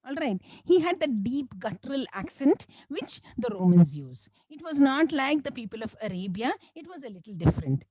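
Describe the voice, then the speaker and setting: Lively South woman telling a story. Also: on the high side, moderate pace, hardly any pauses, husky, no room sound, rough recording. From South India. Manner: animated storyteller, frequent "you know" and devotional phrases. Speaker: Islamic lecturer. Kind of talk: storytelling religious lecture.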